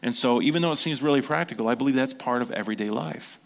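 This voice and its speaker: This middle-aged pastor talks quickly in a medium-pitched, creaky voice while preaching casually to his congregation. His sentences frequently start over, and he performs brief quotations along the way.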